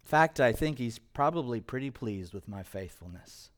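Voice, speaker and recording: A man's voice: medium pitch, animated. Man preaching a personal testimony. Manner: emotional, personal testimony with pauses. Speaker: pastor. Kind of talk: sermon storytelling.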